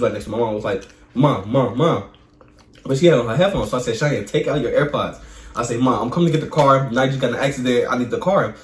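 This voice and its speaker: A young man joining a vlog as co-host, telling a story in a relaxed, slangy way with laughs. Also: on the low side. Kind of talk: casual storytelling. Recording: echoey room with faint hum.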